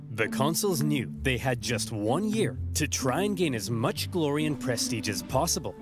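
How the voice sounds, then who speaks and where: Guy narrating comic history, wry deadpan jokes, bouncy pitch, music under. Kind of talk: scripted comedic history narration.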